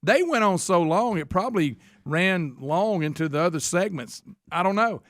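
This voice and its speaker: A man rants on a talk-radio show in a slightly high voice. The sound is close and dry, with no room around it. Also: animated, normal speed, fairly bright tone, no echo. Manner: ranting, mocking quoted voices. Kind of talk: casual talk radio banter.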